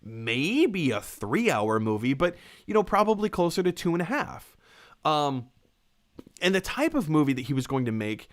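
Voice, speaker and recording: A man hosting a casual live-stream chat about movies, reading out viewer comments and talking in an animated way. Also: a little high. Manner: animated, reads viewer comments, acts out quotes. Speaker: movie discussion host.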